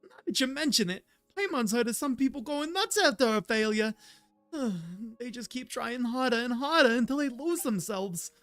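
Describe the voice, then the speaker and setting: A man's voice: extremely high pitch, lively intonation, normal speed, a bit bright, smooth, faint music behind, pitched above the performer's own voice. A man voicing a tiny floating female companion from a game, reading her dialogue aloud in a put-on East Coast, New York-ish accent. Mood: chatty.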